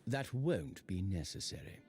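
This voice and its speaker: Self-assured British detective, showy and sing-song, game cutscene over a music bed. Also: male voice, low-pitched, very animated, measured pace, darkish tone. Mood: smug. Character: confident eccentric British detective, grown man. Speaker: detective character. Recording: game audio under music.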